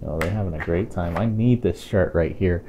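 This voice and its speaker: A man reads a storybook aloud to a child in a mellow, warm voice. He is playful and expressive and breaks off for chatty asides to his young listener. A faint hum of room ambience sits behind him. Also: sits low, fairly quick. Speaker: storytime reader. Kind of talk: reading a picture book aloud to a child.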